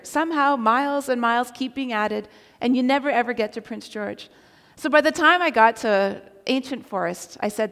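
A woman's voice: a little high, brisk. Storytelling woman preacher in a reverberant hall. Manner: storytelling, animated, shouting quoted outbursts. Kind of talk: sermon with personal story. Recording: long reverb of a large hall.

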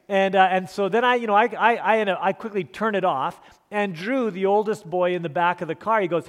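Brief: man in his forties, pastor, high voice, earnest self-deprecating storyteller, long hall reverb. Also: fairly quick. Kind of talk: storytelling sermon talk.

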